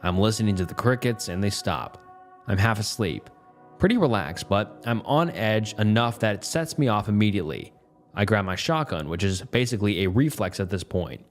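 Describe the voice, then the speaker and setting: Low-voiced guy telling a creepy story first-person, faint music under it. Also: lively intonation, moderate pace. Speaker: story narrator.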